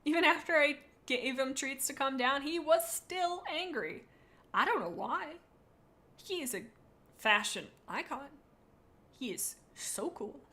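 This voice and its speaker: A woman's voice: on the high side, bright, forceful tone. Bubbly, rambling woman streamer. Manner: bubbly, rambling, playful, reads chat aloud. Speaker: streamer rating viewers' cats. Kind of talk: casual live-stream chat.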